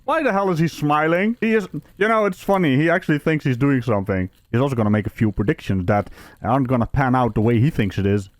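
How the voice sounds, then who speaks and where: A man's voice: medium pitch, fast talker. A man giving mocking reaction commentary in a sarcastic tone.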